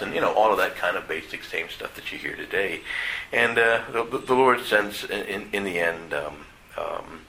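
Middle-aged priest giving a homily in church, real low voice but bright and punchy, talks plain, keeps restarting. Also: male voice, vocal fry, a little hiss or hum, poor audio. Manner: plain-spoken, conversational, halting with restarts. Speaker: Catholic priest. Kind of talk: sermon.

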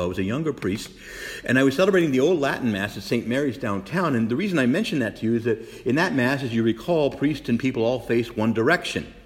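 Man, middle-aged priest, sermon, highish voice, very lively intonation, repeats phrases for emphasis.

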